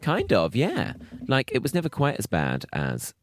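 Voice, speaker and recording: A man from England co-hosting a podcast, chatting playfully and giggling, swinging between loud and soft. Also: mid-range voice, wildly swooping pitch, moderate pace, soft background music. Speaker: podcast co-host. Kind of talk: casual comedic chat.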